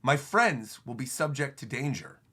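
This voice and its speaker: A man voicing a stern, commanding male pirate emperor in a grave, measured tone, reading comic panels aloud. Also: medium pitch, expressive, pushed and bright, husky, voice pushed down.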